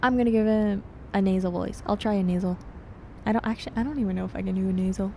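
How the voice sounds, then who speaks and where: A woman's voice: medium pitch, fairly even intonation, fast talker, darkish tone, slight background noise. A woman streaming a story game live, breaking off from the script into self-mocking asides. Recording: game music playing behind.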